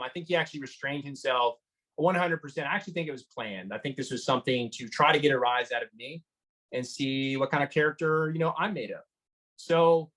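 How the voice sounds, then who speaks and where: A man giving an interview, retelling a tense encounter in an animated way, with lots of fillers and restarts. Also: a little high, poor audio. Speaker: motorcycle engine builder guest. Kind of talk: storytelling interview.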